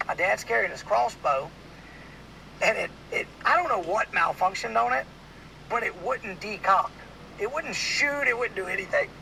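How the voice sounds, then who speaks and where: Telling a hunting story on the casual podcast he hosts, a Louisiana man with a drawl rambles animatedly and keeps saying "like." He talks at a moderate pace in a high, sharp, bright voice with some gravel, over a rough recording with a faint hiss underneath.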